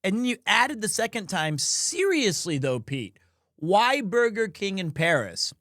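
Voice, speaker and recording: A man's voice: high-pitched, sing-song, unhurried, pushed and bright, no echo, studio quality. A young man telling a rambling, self-deprecating story in a casual livestream chat. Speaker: streamer.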